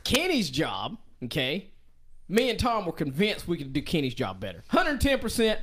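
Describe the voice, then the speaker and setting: A man from Asheville, telling stories on a podcast in a lively, profane way. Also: fairly high pitch, moderate pace, a little hiss or hum. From Asheville, North Carolina. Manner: animated, swearing, acts out quotes. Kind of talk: casual storytelling on a podcast.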